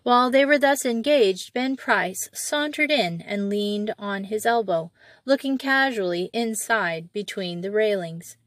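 A woman reading classic short stories aloud in a steady storytelling manner. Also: mid-range voice, unhurried, no echo. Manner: steady storytelling with small slips. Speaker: audiobook reader.

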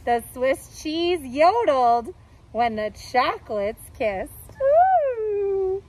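A woman teacher reading a picture book aloud to young children, expressive and playful, putting on voices for the characters. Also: high voice, very slow, slight background noise, rough recording. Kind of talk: read-aloud storytime for children.

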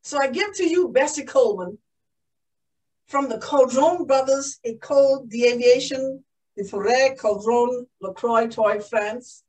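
A woman voicing a formal male flight instructor who speaks in a measured, ceremonious way. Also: sits high, far from the mic, poor audio.

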